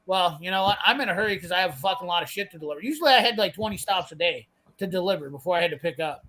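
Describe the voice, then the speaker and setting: Blunt, high-voiced swearing man. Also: animated, racing, sharp tone, poor audio. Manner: profane, blunt, heated ranting. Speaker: host telling a work story. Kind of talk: casual storytelling chat.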